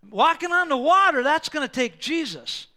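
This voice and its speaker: A male pastor preaching a sermon, animated and acting out Bible scenes with props and quoted voices. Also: extremely high pitch.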